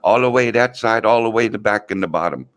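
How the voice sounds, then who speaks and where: A man voicing a little old man who talks in clipped, broken English, calm and wise, while telling a joke. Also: deep voice, drawn-out words, no room sound, exaggerated voice. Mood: wise, insistent. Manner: clipped broken phrasing, sing-song.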